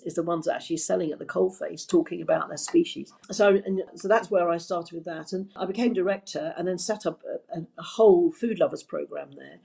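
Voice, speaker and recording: Gravelly-voiced Kentish woman telling stories. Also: fairly low pitch, mellow. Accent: Kentish English. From England. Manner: chatty, rambling, frequent restarts and fillers. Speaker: podcast guest. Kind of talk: conversational interview storytelling.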